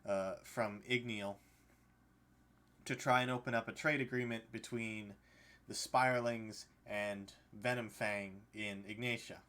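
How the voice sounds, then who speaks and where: A man's voice: fairly low pitch, fairly even intonation, unhurried, bright, forceful tone. Casual man running a tabletop game. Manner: casual narration with frequent fillers and restarts. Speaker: game master. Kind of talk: narrating a tabletop game over a call.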